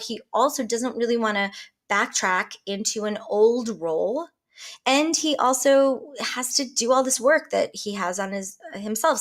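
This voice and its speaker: Lively woman coaching, fairly high voice. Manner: lively, acts out example dialogues. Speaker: life coach. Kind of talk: coaching talk to camera.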